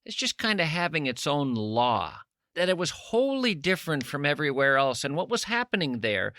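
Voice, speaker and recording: A man's voice: a little high, fairly bright tone, dry recording, studio quality. A man hosting a radio interview, enthusiastic and reading passages aloud to his guest. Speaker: radio host.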